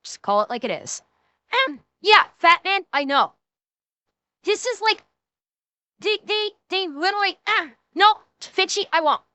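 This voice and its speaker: Woman, streamer, high pitch, sharp bright tone, emphatic rant, heavy swearing, dry close sound. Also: expressive, no echo. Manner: quick shifts between mocking and serious. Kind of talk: casual reaction stream commentary.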